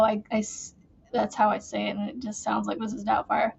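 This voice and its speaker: A woman's voice: medium pitch, monotone, vocal fry, breathy edge, dull audio. A woman hosting a crochet channel, chatting casually and rambling while she works. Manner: slow, rambling, chatty with fillers.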